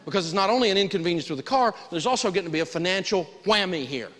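A man teaching a live personal finance lesson in a folksy, animated way, prompting the audience to answer back. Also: sits high, racing, in a large hall.

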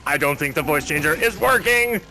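A man putting on a slow, stiff robot voice, posing as a friendly robot. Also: on the high side, expressive, pushed and bright, faint music behind, pitched above the performer's own voice, exaggerated voice. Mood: mock robotic.

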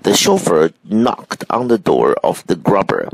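A man reading a children's storybook aloud, slow and expressive. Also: low voice, creaky, slight background noise. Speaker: reader.

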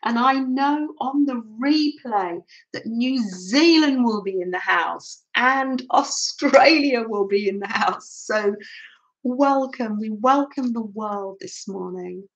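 An older woman hosts a craft livestream from home, chatting with viewers in an unhurried way. Her voice sits a little high, and she fills her talk with gentle "oh"s and small laughs. The sound is slightly dull and lo-fi. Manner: chatty, warm greetings with frequent soft laughs and "oh"s. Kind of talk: casual chat greeting live viewers.

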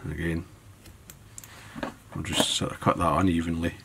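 A man's voice: low-pitched, level tone, moderate pace, creaky, noisy background. A man with a Scottish accent narrating a fly-tying tutorial at his tying desk in an easygoing way, thinking aloud as he works. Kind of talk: tutorial narration while working.

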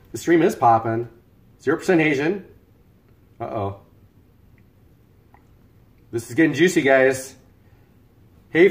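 A man cooking live in his home kitchen on a headset mic, joking and rambling as he chats with viewers. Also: medium pitch. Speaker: live-streaming home cook. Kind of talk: casual live-stream chat.

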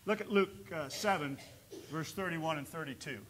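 Male pastor preaching in a church, higher, bright voice, loud calls traded with hushed telling. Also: moderate pace, a little hiss or hum. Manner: preaches with rising bursts and quiet storytelling dips. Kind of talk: sermon. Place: church sanctuary.

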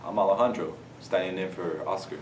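A man's voice: sits low, fairly quick. A man co-hosting a casual chat, laid-back and brief. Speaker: co-host. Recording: roomy, distant, noisy.

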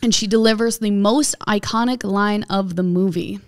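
A woman's voice: mid-range voice, steady tone, normal speed. A woman comedian reading her own comedy script aloud as narration, often laughing at her own jokes.

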